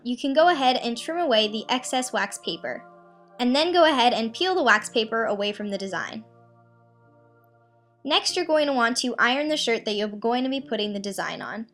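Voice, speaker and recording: A woman's voice: a little high, animated, brisk, fairly bright tone. A young woman hosting a casual do-it-yourself tutorial, walking through the steps in a friendly way with frequent ums. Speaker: craft tutorial host. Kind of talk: casual DIY tutorial narration. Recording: faint background music.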